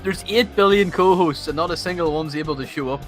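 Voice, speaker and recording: A man's voice: on the high side, fairly quick, soft background music. A man co-hosting a livestream, joking and bantering with viewers. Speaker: livestream co-host. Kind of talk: casual livestream chat.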